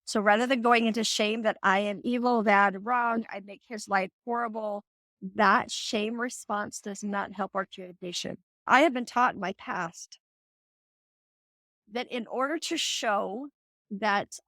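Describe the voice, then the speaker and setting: A middle-aged woman hosts a live self-help session, speaking earnestly and directly to her viewers. She coaches them through emotional boundaries and acts out short sample conversations. Her voice sits at an ordinary pitch and sounds dry and close, with no room echo. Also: unhurried, fairly bright tone. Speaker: host.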